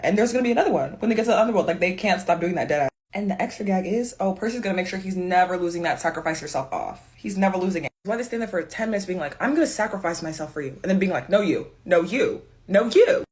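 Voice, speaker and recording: A woman's voice: on the low side, darkish tone. A young woman giving a casual, slangy, exasperated reaction to a TV show. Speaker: pop culture commentator.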